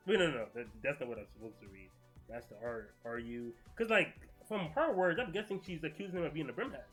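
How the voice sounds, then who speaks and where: A young man hosting a casual manga reaction vlog, excitable and slangy, swearing and talking straight to his viewers. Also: on the high side, fairly quick, slightly rough, faint music behind.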